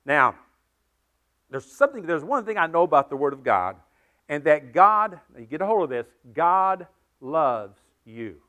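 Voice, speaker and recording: A male pastor delivers a Sunday sermon in a high voice. He talks earnestly, circling back to repeat his points and rising into emphatic peaks before easing down again. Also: big pitch swings, normal speed, bright, forceful tone. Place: church sanctuary with congregation.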